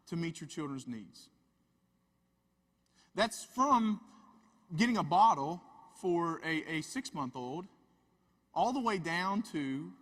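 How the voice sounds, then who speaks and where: Guy doing a funny live talk, kinda high voice, chatty storyteller, echoey big hall. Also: fairly bright tone. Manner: folksy storyteller, chatty asides. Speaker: family therapist and speaker. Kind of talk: humorous live talk to an audience. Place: large hall with a live audience. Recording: reverberant hall.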